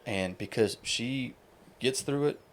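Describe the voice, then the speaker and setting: A man's voice: medium pitch, takes it slowly. A man in his thirties, a podcast guest, talking casually and rambling with many restarts and fillers. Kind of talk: casual conversation.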